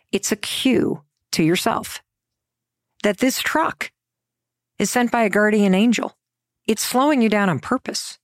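Energetic woman giving a motivational talk. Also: on the low side, no echo, clean studio sound. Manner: energetic, coaching tone with rhetorical questions.

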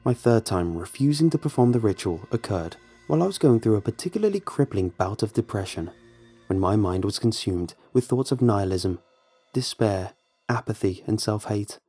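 A man tells a first-person horror tale in a measured, somber way. His voice is low, dark and mellow, with a husky edge. Faint music plays beneath him. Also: animated. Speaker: narrator.

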